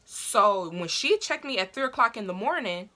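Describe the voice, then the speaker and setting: A woman's voice: medium pitch, lively intonation, moderate pace, sharp tone. A young woman tells her labor story casually and animatedly, swearing and acting out her own past cries. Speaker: vlogger.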